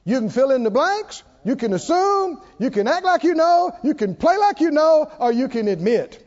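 A man's voice: very high-pitched, very animated, normal speed, a little mellow. A man preaching a sermon to a congregation, who prompts them to answer and repeat lines after him. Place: church hall. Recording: dull sound in a hall with long reverb.

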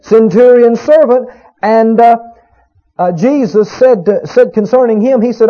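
A man's voice: very high voice, measured pace. A man preaching a sermon, emphatic and full of rhetorical questions to his congregation. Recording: dull lo-fi recording.

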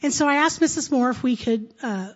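A woman's voice: high-pitched, brisk, dull audio. A woman on a church's staff addressing the congregation in a jovial way, laughing often between phrases. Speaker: church staff member leading the meeting.

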